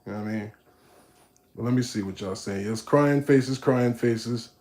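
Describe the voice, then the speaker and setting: Talking directly to his chat in street slang, a man reacts to a video on his casual live stream at a moderate pace. He's animated and mocking, sliding into low mutters and then erupting loudly.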